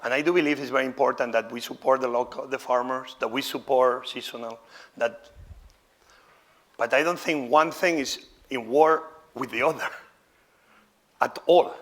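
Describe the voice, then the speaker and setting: During a live cooking demonstration lecture, a chef whose first language is not English mixes showman-like exclaiming with candid, chatty talk. His mid-range voice has fairly even intonation and a fairly bright tone, at a moderate pace with frequent pauses.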